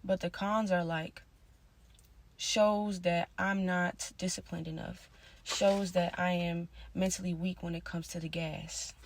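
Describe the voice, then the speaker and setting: A woman talking in a casual confessional monologue, rambling and slangy with constant fillers, drifting between soft mutters and louder bursts. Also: on the low side, steady tone, a little slow. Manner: rambling, slangy, many "like" and "you feel me". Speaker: vlogger.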